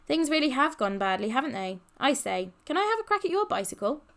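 A woman's voice: high-pitched, sing-song, fairly bright tone, pitched above the performer's own voice, full character voice. A woman voicing a bossy, old-fashioned posh schoolboy in an audiobook. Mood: brisk. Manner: clipped, brisk, scornful.

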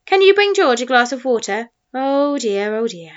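A woman's voice: fairly high pitch, animated, brisk, a bit bright. Woman voicing a fussing storybook dad, apologetic, worried, slightly dull recording. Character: kindly flustered scientist father Eric.

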